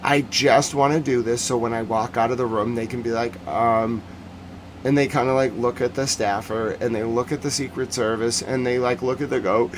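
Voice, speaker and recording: A man's voice: mid-range voice, steady tone, normal speed, a little hiss or hum. A male host runs a casual livestream news recap in a mid-range voice. He jokes and rambles, riffing off the top of his head with lots of animation.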